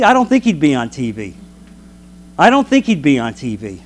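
Animated high-voiced man teaching Bible class. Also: normal speed. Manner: animated, preacherly, rhetorical questions.

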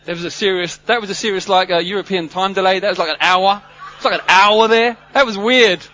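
A man preaching a sermon, animated and humorous, swinging between loud bursts and hushed asides. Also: high-pitched, brisk, highs cut off.

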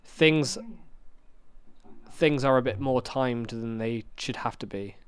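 A man's voice: medium pitch, takes it slowly, clean tone. A man co-hosting a casual watch-along podcast, rambling with frequent restarts and humming suspense stings. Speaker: podcast co-host.

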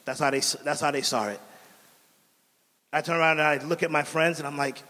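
A man preaches his personal testimony with earnest storytelling, his voice sitting slightly high. He sinks soft and quiet on his key lines. His voice carries a long reverb, like a large hall. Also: steady tone, brisk, long pauses. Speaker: missionary giving a testimony.

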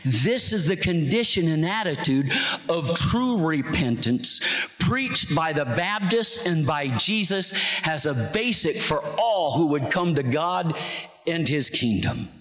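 A man preaching a sermon as pastor, moving from slow, low musing to shouted exclamations. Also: lively intonation, echoey room, in a large hall, poor audio.

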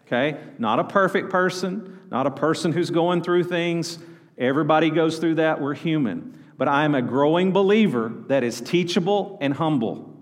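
A man's voice: on the high side, moderate pace. Preaching man in a reverberant church. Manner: preaching, calls out to congregation for responses. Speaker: pastor. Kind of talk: sermon. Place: church sanctuary. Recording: long hall reverb.

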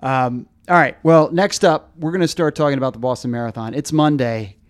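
A man's voice: mid-range voice, a little fast. A man hosting a running podcast, talking casually and often stumbling over fillers and restarts. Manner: hesitant, many fillers and restarts. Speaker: podcast host.

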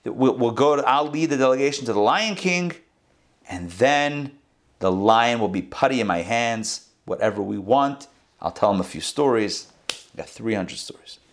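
A man telling a parable to a class in an animated storytelling sermon, acting out the animals' voices. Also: medium pitch, moderate pace. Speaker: rabbi teaching a class.

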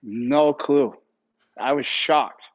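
A man, a former hockey goalie, answering interview questions in a relaxed way, filling his speech with "like" and "you know". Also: mid-range voice, drawn-out words, lo-fi sound. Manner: relaxed, filler-heavy with frequent "like". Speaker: retired hockey goalie, guest.

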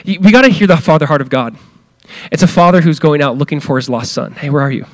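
A man preaching with a slightly higher-pitched voice, talking loosely and casually. He fills his talk with "like" and jumps up and down in pitch when he acts out the quoted lines. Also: expressive, fast. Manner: conversational, many fillers, acts out quoted lines with big pitch swings. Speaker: pastor. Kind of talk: sermon.

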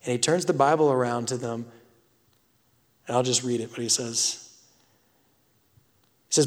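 A man's voice: medium pitch, steady tone, normal speed, pauses often. Man preaching in a reverberant hall. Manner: storytelling with emphatic swells and hushed drops. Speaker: pastor. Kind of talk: sermon.

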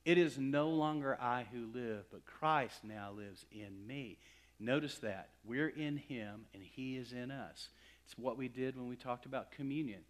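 A male pastor with a mid-range voice preaches a sermon, building to emphatic, louder swells before dropping to hushed, slow asides.

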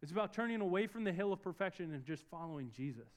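A man's voice: high-pitched, expressive, quick pace. Earnest young male pastor preaching. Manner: earnest, storytelling, building to emphatic peaks. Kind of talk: sermon. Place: church service in a room.

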